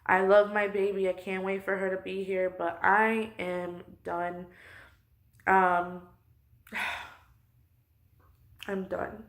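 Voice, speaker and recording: A woman's voice: mid-range voice, flat delivery, extremely slow, pauses often. A woman close to tears, venting her frustration in a personal vlog from her couch at home. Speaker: vlogger.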